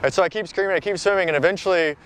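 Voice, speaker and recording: A man's voice: sits high, rapid-fire, a bit bright, slight background noise. A man being interviewed outdoors, telling a personal story in a rambling, casual way, full of "like" and "you know".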